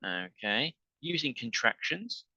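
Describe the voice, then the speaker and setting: A man's voice: medium pitch, very animated, bright, forceful tone, husky, no room sound, muffled recording. A man teaching an online English lesson, talking patiently and checking in with "okay" as he works through examples. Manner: slow, patient, repeats with "okay".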